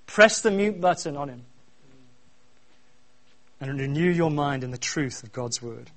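A middle-aged man preaching a sermon, swinging from quiet asides to loud, repeated refrains. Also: a little high, expressive, a little slow, long pauses. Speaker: pastor.

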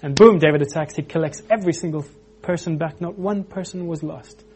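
A man preaching an informal sermon, animated, acting out quotes with frequent restarts. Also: a little high, fairly quick, husky.

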